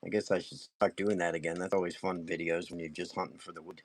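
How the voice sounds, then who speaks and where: A man teaching wood carving on a casual live stream, talking fast and excitably and laughing often. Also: low-pitched.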